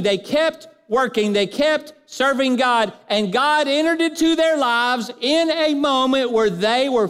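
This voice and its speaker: High-voiced preacher in a reverberant hall. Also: male voice, clean tone. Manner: preaching with repeated lists and rhetorical questions, voice dropping low at phrase ends. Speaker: pastor. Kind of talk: sermon.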